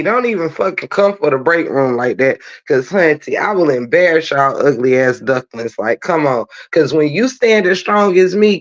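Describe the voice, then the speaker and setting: A man, hosting his own channel and roasting critics in a profane, taunting, drawn-out sassy rant. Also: sits high, gravelly, a bit bright. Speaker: channel host. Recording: dull lo-fi stream audio.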